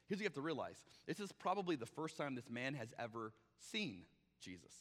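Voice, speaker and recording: A man's voice: medium pitch, very animated, quick pace, fairly bright tone, long reverb tail. A man preaching a conversational sermon as pastor, often acting out the voices he quotes.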